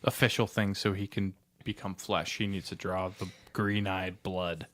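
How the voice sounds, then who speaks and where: A man's voice: sits low, flat delivery, moderate pace, a bit bright. A young man co-hosting a casual podcast, blunt, profane and jokey as he talks about a film. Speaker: podcast co-host. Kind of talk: casual chat.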